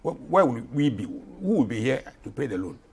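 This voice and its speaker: Impassioned husky man in his eighties. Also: medium pitch, sing-song, fairly quick, darkish tone. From Ghana. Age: 80s. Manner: impassioned, repetitive, emphatic. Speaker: retired general, guest. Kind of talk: interview.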